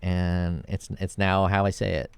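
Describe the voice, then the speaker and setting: A man with a low, smooth voice talks his way through a video game in a loose, rambling way. He thinks aloud, drifts into jokes and swears now and then. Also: little pitch movement, measured pace. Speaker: gameplay video creator. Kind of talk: casual gameplay commentary.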